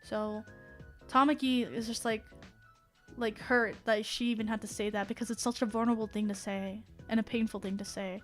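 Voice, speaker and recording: A woman's voice: on the high side, fairly even intonation, moderate pace, soft background music. A young woman streamer casually retelling an anime plot. She rambles, swears freely and laughs often as she talks. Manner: laughs often while talking.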